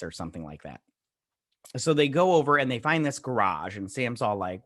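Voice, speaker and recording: A man's voice: lowish voice, expressive, fairly quick, a bit bright, dry recording, clean studio sound. Rambling man reviewing a TV episode. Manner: rambling, lots of fillers and retellings. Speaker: YouTube reviewer. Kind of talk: casual spoken review.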